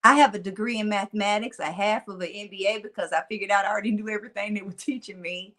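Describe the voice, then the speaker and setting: A woman in her forties speaks with a Southern country twang at a medium pitch and a quick pace. She's a motivational speaker sharing stories in a relaxed interview, animated and laughing often.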